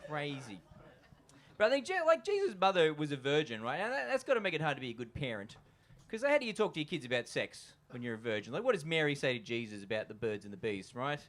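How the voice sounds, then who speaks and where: Chatty Australian stand-up comedian. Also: male voice, fairly high pitch, sing-song, quick pace, a bit bright. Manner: chatty, loose, lots of fillers and asides to the crowd. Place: comedy venue with a live audience.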